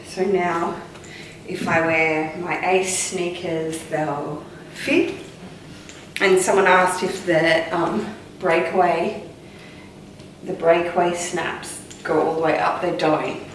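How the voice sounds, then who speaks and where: Australian woman vlogger, slow rambling chat, noisy camera audio. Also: low-pitched. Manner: chatty, rambling, giggly asides. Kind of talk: casual vlog chat. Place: in a car, then at home.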